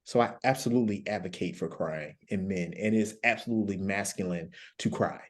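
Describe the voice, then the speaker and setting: A man with a low-pitched voice speaks fairly quickly as a guest life coach in a panel discussion. He shares stories with earnest conviction, repeating key phrases for emphasis.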